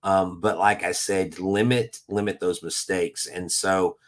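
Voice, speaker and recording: A man with a low voice co-hosts a casual baseball podcast. He talks in an animated way and often chuckles mid-sentence. The sound is dry and close to the mic. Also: unhurried, no echo. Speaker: podcast co-host. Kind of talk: casual sports podcast chat.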